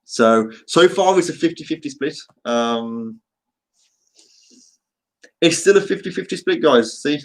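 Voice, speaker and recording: A man's voice: a little high, animated, unhurried, pauses often, poor audio. A man with a Birmingham accent chatting casually to his live-stream viewers, rambling and joking with many fillers. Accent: Birmingham English. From England.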